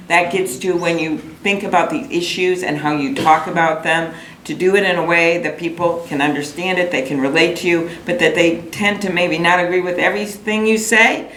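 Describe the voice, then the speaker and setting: A woman's voice: low voice, a bit bright, a little hiss or hum. A middle-aged woman from Minnesota giving a campaign stump speech, telling stories in a conversational, folksy way. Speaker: political candidate. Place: rally in a room with a crowd. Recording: echoey room, faint ambience.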